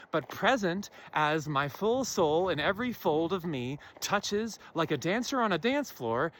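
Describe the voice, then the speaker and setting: Woman speaker, earnest solo talk to camera, slows to stress key phrases, asks listeners questions. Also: deep voice, a bit bright, a little hiss or hum. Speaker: self-help speaker. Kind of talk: impassioned spiritual monologue.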